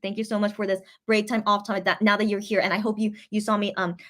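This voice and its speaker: A woman's voice: mid-range voice, level tone, quick pace, fairly bright tone. A woman hosting a casual livestream, chatting in a rambling, gushing way and reading viewer comments aloud. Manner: gushing and easily moved. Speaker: host.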